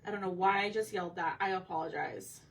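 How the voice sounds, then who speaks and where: A woman's voice: lowish voice, quick pace, vocal fry, distant mic. A woman hosting a craft livestream, chatting casually with her viewers while she paints. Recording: voice a bit off-mic with faint room noise.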